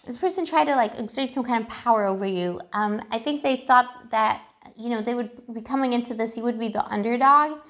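A woman's voice: on the high side, brisk, a bit bright. A woman giving a casual tarot reading, chatty and giggly, with lots of fillers. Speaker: tarot reader.

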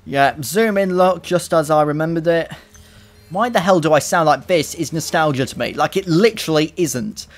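A man doing sarcastic, profane, excitable commentary while playing a video game, recorded into a desk microphone. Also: fairly high pitch, normal speed, soft background music. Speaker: let's play commentator.

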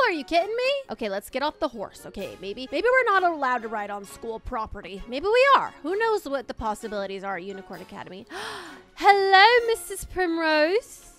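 Woman host, very high voice, bouncy delivery, gasps and gushes through gameplay commentary, faint music under it. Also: fairly bright tone. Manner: gasps often, gushing and exclamatory. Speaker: game video host.

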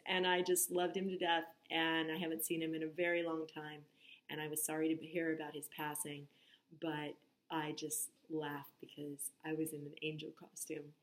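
A woman in her forties, a meditation teacher, talking casually to her viewers, chatty and laughing, with soft whispery asides. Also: low-pitched, flat delivery, normal speed. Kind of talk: casual vlog monologue.

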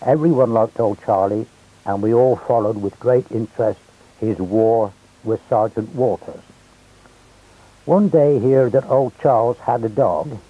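Elderly man with a very mellow husky voice. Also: medium pitch, measured pace, poor audio. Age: older. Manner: chatty, wry anecdotes. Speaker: narrator. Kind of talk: storytelling reminiscence.

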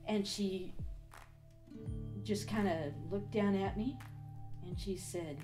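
A woman recounting a personal story of faith in an animated, storytelling interview. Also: mid-range voice, slow pace, pauses often, music in the background. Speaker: interviewee giving a faith testimony.

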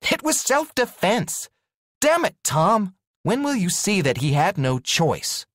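A man's voice: big pitch swings, measured pace, slightly rough, no room sound, studio quality. A man voicing a young woman, a witch, who talks in pleading, insistent questions in an audiobook. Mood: upset. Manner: pleading, questioning, pitched up high.

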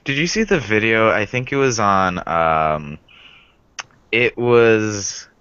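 A man's voice: lowish voice, expressive, takes it slowly, pushed and bright, clear, resonant tone, dry recording. A man in casual podcast chat who cracks puns and laughs at his own jokes. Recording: dry muffled lo-fi call audio.

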